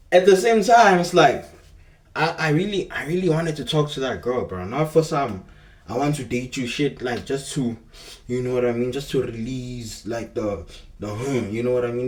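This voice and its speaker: At a moderate pace and medium pitch, a young South African man rambles through a casual story in street slang, calling the viewer "bro" again and again. The room echoes, and the mic is placed far away.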